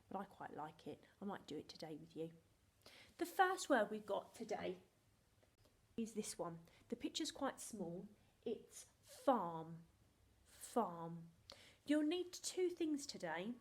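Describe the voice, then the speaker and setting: A woman's voice: fairly low pitch, lively intonation, a little slow, roomy sound. A young woman teaching phonics to young children, playful and encouraging, often dropping into whispers. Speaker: reception class teacher.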